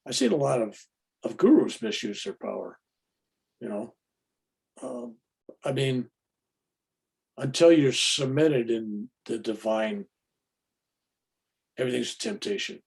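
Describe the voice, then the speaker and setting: The voice is a man's, medium-pitched and darkish, creaky and sing-song, moving a little slowly with long pauses. As a spiritual teacher, he talks informally and plainly, often performing the voices of those he quotes.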